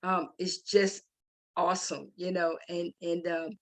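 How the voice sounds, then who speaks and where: A woman's voice: on the low side, level tone, unhurried, fairly bright tone. A middle-aged woman hosting a faith testimony talk, speaking in a heartfelt way with many restarts and fillers. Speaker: host.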